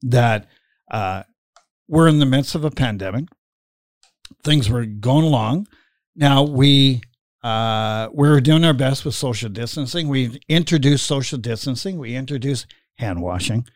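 A man's voice: mid-range voice, expressive, unhurried, dry recording, clean studio sound. A middle-aged man hosting a casual chat, rambling with many fillers and laughing as he tells stories. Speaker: podcast host.

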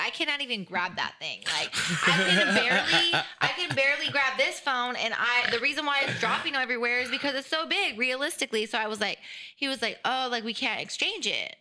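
A young woman rants through a story on a casual podcast. Her voice sits fairly high and rings bright. She swears freely and plays both sides of the quarrel as she tells it. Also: lively intonation, fairly quick, slight background noise. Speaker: podcast co-host.

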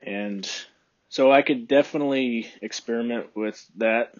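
A man from Texas hosting his podcast in a rambling, relaxed chat, with a phlegmy throat he keeps clearing. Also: medium pitch, unhurried, dull audio. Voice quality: phlegmy, husky. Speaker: podcast host. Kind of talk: casual solo podcast chat. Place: room by a window.

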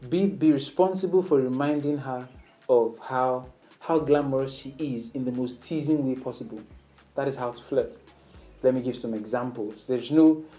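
This dating coach has a warm-toned voice, though the audio quality is poor. He talks casually to the camera, explaining how to flirt and switching to a higher, playful voice whenever he acts out sample lines.

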